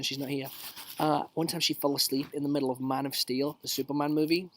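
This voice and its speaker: A man's voice: on the high side, little pitch movement, quick pace, noisy background. A man in his thirties hosting a casual live stream, joking his way through memes outdoors and dropping into whispers for asides.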